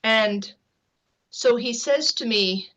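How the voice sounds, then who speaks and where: Appearing as a guest on an interview show, a woman author recounts a personal experience in an animated, storytelling way and laughs lightly as she goes. Her voice is a little high and her pace slow.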